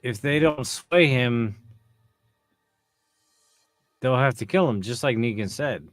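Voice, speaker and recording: A man's voice: medium pitch, takes it slowly, dry recording, studio quality, faint music behind. Laid-back man giving blunt opinions. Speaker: podcast co-host. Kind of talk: casual chat.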